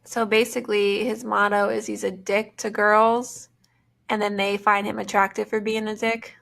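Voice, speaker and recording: A woman's voice: medium pitch, level tone, moderate pace, gravelly, fairly bright tone. A woman co-hosting a podcast in casual chat, reacting with disbelief and asking questions. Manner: incredulous, asks questions. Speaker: podcast co-host.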